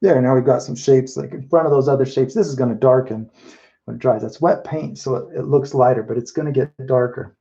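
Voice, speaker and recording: Laid-back guy talking through his painting, mellow voice, kinda muffled lo-fi sound. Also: medium pitch, brisk, vocal fry. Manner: relaxed, thinking aloud, self-correcting. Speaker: mural painter. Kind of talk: casual live painting commentary.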